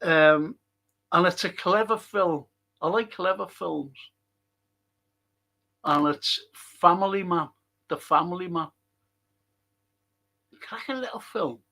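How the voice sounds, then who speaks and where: Scouse man, gravelly voice, fairly high pitch, rambling and sweary, casual review chat. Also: slow pace, pauses often, sharp tone. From Liverpool, England. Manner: rambling, chatty, swears a lot. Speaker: host.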